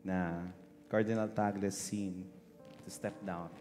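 A man's voice: sits low, steady tone, measured pace, darkish tone. A man with a Filipino accent preaching a sermon, earnest and emotional. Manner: switches between English and Tagalog, emotional and earnest. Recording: hall reverb with faint music.

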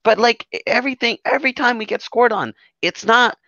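A man talking as a fan co-host, animated and swearing, always asking whether you follow him. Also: extremely high pitch, a little fast, dry recording. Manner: animated, swearing, keeps asking 'you know what I mean'. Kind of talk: casual football rant. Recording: dry lo-fi audio.

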